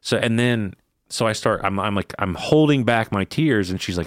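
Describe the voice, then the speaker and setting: Podcast guy telling a story, low smooth voice, swears a lot, dry close mic. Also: animated, moderate pace, dry recording. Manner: candid, swears freely, emotional retelling. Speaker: podcast co-host. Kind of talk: casual storytelling chat.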